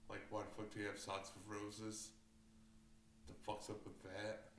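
Here a man with a fairly low pitch recounts gaming stories in a laid-back conversation, profane and packed with filler words. His delivery is completely flat and his speed normal. A little hiss or hum sits under the roomy, distant-mic recording, along with faint ambience.

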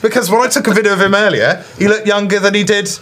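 Excitable rambling man, higher pitch. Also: quick pace. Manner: rambling, excitable, swears freely. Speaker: podcast host. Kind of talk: casual podcast chat.

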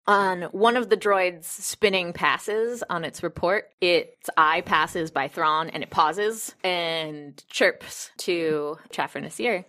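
A woman's voice: fairly low pitch, slow, few pauses, a bit bright. A woman acting as game master, narrating a tabletop scene in a chatty way with fillers.

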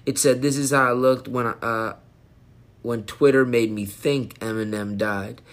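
A man hosting a casual solo podcast, rambling and excitable while high, jumping off topic. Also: unhurried. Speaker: podcast host.

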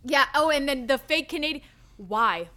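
A woman co-hosting a casual movie discussion, ranting in an animated, exasperated way with lots of "like". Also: high-pitched, moderate pace. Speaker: podcast co-host. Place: recorded live.

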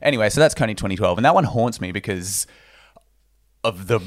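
A young man chatting on a podcast, making wry quick quips. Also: on the low side, lively intonation, no room sound, clean studio sound. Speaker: podcast co-host. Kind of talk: casual chat.

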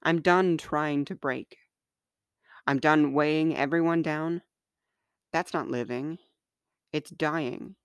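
Woman, author reading her own confessional letters; slow, smooth, close dry sound. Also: deep voice, steady tone, no echo.

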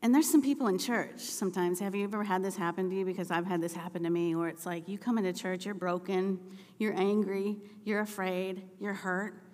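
A woman preaching a sermon in a church, telling personal stories and building to impassioned, shouted appeals. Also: medium pitch, fairly even intonation, fairly quick, long reverb tail. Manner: storytelling, rising to impassioned shouting. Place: church sanctuary.

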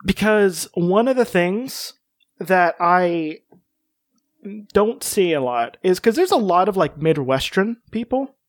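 A podcast host with a high voice and lively intonation chats casually and jokingly, taking his time and using lots of fillers. The studio sound is clean, with no echo.

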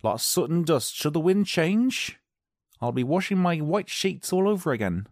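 A gossipy small-town local who grumbles about everything nearby, as a man puts the voice on. The voice sits high and bounces around a lot. The sound is dry and close to the mic. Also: sing-song, moderate pace, darkish tone, dry recording. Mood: grumbling. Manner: gossipy, complaining, folksy.

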